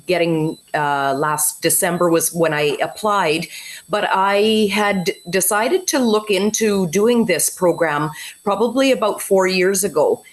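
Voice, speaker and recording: A woman's voice: lowish voice, poor audio. Chatty woman on a video call. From Canada. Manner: chatty, rambling with fillers. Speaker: teacher candidate. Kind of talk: casual webinar talk.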